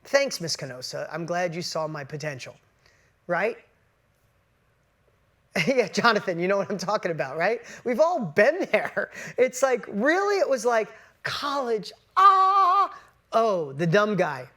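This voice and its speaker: A man's voice: high-pitched, lively intonation, unhurried, a bit bright. Emphatic male motivational coach. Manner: emphatic, repetitive, self-interrupting. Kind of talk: motivational talk to a live online audience.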